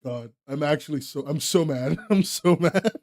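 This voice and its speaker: A man's voice: on the high side, moderate pace, darkish tone. A young man streaming live, chatting to his viewers with frequent laughter and playful mock outrage. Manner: laughs often, mock outrage, talks to chat.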